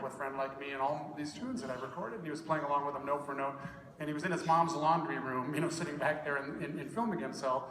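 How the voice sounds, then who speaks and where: Guest soloist, middle-aged man, slightly high voice, rambling stage banter, echoey hall taped from a distance with noise behind. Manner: joking, rambling, self-correcting. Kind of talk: onstage banter at a concert. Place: school concert hall stage.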